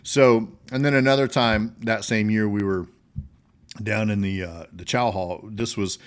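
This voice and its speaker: A middle-aged American man with a fairly low voice tells old army stories in a loose, casual way. He chuckles through his sentences and leans on plenty of "um" and "you know" as he goes. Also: fairly even intonation, measured pace. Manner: laughs while telling stories, many fillers. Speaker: podcast host, army veteran. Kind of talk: casual storytelling.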